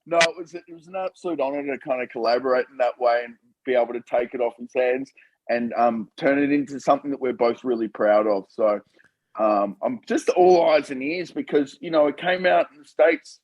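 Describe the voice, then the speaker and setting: A man's voice: mid-range voice, fairly quick, highs cut off. A man, a film director guest telling stories animatedly in a casual interview. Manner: animated storyteller, laughing and calling people mate.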